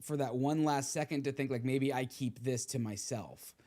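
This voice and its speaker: A man co-hosting a casual book club discussion, relaxed and reflective, with jokes. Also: mid-range voice, moderate pace.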